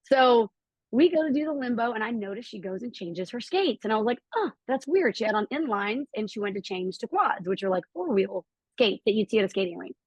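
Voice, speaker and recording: Animated woman telling a story. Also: brisk, breathy edge, no echo, poor audio. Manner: animated, acts out quotes with lively pitch jumps. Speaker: guest. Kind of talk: storytelling in a podcast interview.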